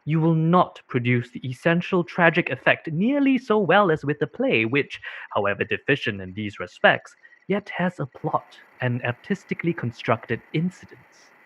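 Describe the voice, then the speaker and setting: A man reading quotations aloud in a measured, expressive way, at a video-call event. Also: on the high side. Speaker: reader of quotations. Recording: dull muffled video-call audio.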